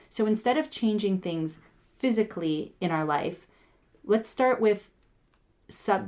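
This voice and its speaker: A woman co-hosting a podcast, briskly introducing the topic for discussion. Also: lowish voice, a little mellow. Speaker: podcast co-host. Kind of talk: podcast talk.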